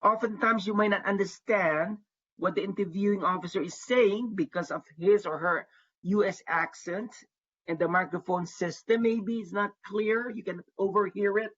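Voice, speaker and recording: A man's voice: high-pitched, moderate pace, a bit bright. Man advising in dull webinar audio. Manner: earnest, repeats key advice for emphasis. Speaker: international student advisor presenting a workshop. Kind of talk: online workshop presentation. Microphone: video call.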